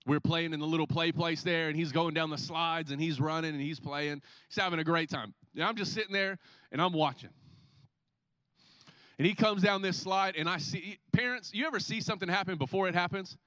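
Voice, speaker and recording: A man in his thirties preaching a sermon as a pastor, telling stories in an animated way and acting out the scenes. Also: a little high, a little fast, no echo. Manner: animated storytelling, acts out scenes. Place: church.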